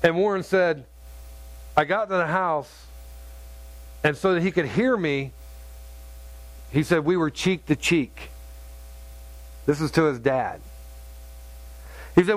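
A man's voice: high-pitched, fairly bright tone, no echo. Earnest man preaching, dry sound. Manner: earnest, halting, many restarts. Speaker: pastor. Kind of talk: sermon with storytelling.

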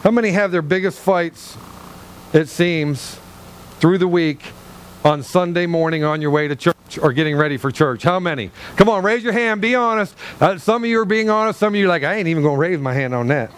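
Male pastor, high voice, lively humorous preaching on a church stage. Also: normal speed, a little hiss or hum. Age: older than 37. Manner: animated, humorous, talks straight to the congregation. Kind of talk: sermon. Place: church sanctuary, on a low stage.

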